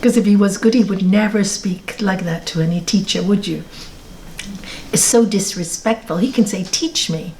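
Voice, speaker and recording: A woman's voice: medium pitch, moderate pace. Woman doing a spiritual talk at a yoga centre, chatty, keeps asking the room questions, faint hiss behind. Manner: animated and direct, repeats words for emphasis, asks the audience questions. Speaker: spiritual teacher. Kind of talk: talk on scripture to a live audience.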